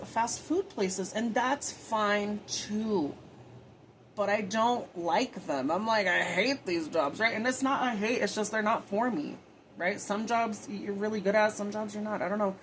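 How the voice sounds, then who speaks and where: This young tarot reader has a medium-pitched voice and a measured pace, captured in a rough recording with slight hiss or hum. Her reading is casual and profane, wandering along with frequent fillers.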